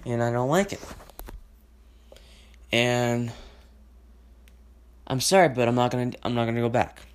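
A man hosting his own podcast, talking alone in a rambling, emotional way, full of restarts and fillers as he vents. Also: mid-range voice. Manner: emotional and venting. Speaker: podcast host. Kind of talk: solo podcast monologue.

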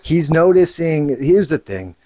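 A man's voice: on the high side, sing-song, a little slow, warm tone, dry recording, dull audio. A man, a father, telling a casual story in a rambling way, with many restarts and the odd curse word. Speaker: father and show host.

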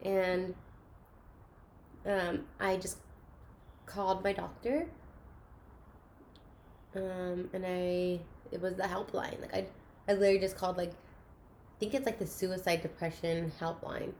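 A woman in candid personal chat, talking in an earnest, open way and often softly. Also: on the low side, flat delivery, unhurried, long pauses, slight background noise. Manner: earnest, open, soft-spoken at times.

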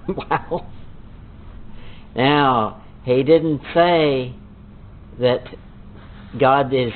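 Preacher on a tinny phone-like line. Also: male voice, mid-range voice, slight background noise. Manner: reads scripture slowly and dramatically, then explains in folksy asides with chuckles. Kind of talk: Bible teaching sermon.

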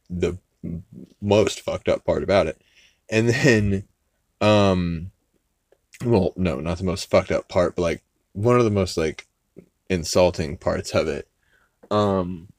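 A man's voice: deep voice, dry recording. A man hosting a podcast, casually recapping an episode in a rambling, profane way with many fillers and restarts. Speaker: podcast host.

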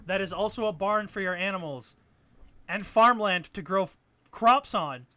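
Someone with a mid-range, bright voice and a forceful tone rants about a video game. The talk is casual and sarcastic, full of swearing, and exasperated sentences keep getting dropped and restarted as the speaker rambles.

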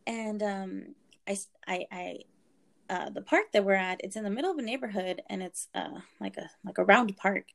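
A woman in her twenties telling a story in casual talk, animated, saying "like" a lot and swearing freely. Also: medium pitch, normal speed, gravelly.

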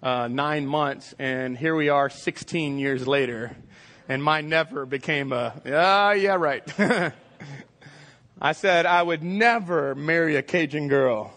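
A man, preaching a lively, joking sermon and acting out scenes. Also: fairly high pitch, slow pace. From Texas. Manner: energetic, joking, acts out scenes in voices. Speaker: pastor. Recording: long hall reverb.

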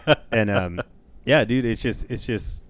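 Male podcast co-host with a lowish voice, profane and animated, who acts out the voices in his stories. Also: measured pace. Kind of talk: casual storytelling chat.

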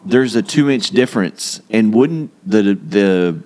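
A man's voice: fairly low pitch, lively intonation, slow pace, a little mellow. A man hosting a casual movie podcast, joking wryly and running through details. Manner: wry, joking, lists details. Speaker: podcast host.

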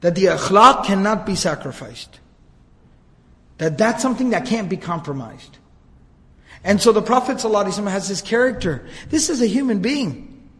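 A man's voice: high-pitched, lively intonation, a little fast, a bit bright, in a large hall. A man giving a religious history lecture, animatedly retelling a story, reciting Arabic lines and translating them, repeating phrases for emphasis.

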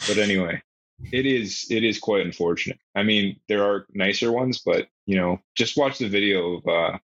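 A man's voice: fairly low pitch, moderate pace, a bit bright, no echo. A man co-hosting a casual football podcast, joking and swearing freely. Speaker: podcast co-host. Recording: dull lo-fi sound.

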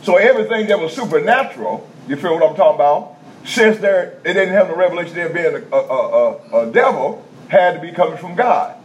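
A man preaching a teaching sermon in a conversational style, checking in with the congregation and repeating key points slowly in vernacular speech. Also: fairly high pitch, animated. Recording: dull lo-fi sound with faint background noise.

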